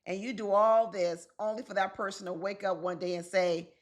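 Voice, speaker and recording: A woman's voice: mid-range voice, fairly even intonation, moderate pace. Woman relationship commentator, casual vlog delivery, conversational and laughing, addressing the audience directly. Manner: chatty, laughs often, talks straight to viewers.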